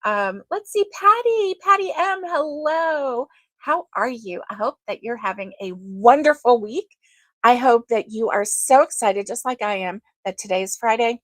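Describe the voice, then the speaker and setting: A woman hosting a casual crochet livestream, chatting slowly with lots of ums and greeting viewers by name. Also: medium pitch, no echo. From United States.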